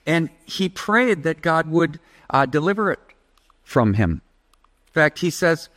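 A man's voice: a little high, big pitch swings, measured pace, fairly bright tone, dry recording. A man preaching a sermon as pastor, emphatic, leading the congregation in call-and-response.

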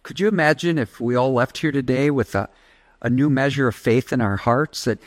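A man's voice: mid-range voice, brisk, no echo. A man preaching a sermon as pastor, emphatic, leading the congregation in call-and-response.

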